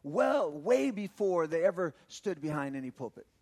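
A middle-aged man from Texas, a pastor preaching a sermon and telling a personal story in an animated way. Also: on the high side, normal speed, husky. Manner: animated storytelling, acts out quotes with laughter.

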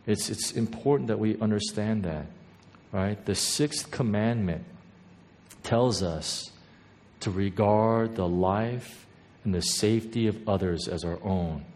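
Guy preaching, kinda low voice, chatty sermon style, keeps asking the room "right?". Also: darkish tone. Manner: personal storytelling, conversational with frequent "right?" asides. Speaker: pastor. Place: church hall before a congregation.

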